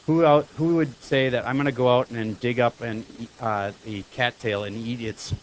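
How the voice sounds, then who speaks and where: A man teaching a high school math class, lecturing in a chatty way and firing quick questions at his students. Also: fairly even intonation, lo-fi sound, a little hiss or hum.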